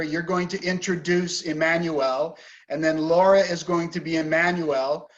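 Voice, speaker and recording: A man teaching English over a video call, speaking slowly and patiently. His voice sits a bit high for a man. He corrects his students' word stress with careful examples. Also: dull audio. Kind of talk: online class instruction.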